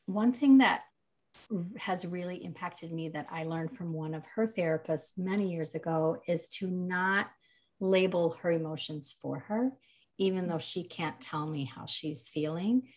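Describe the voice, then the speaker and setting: A woman in casual conversation who speaks earnestly about parenting, with many fillers and animated stretches. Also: fairly low pitch, unhurried. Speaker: podcast co-host, parent of a nonverbal child.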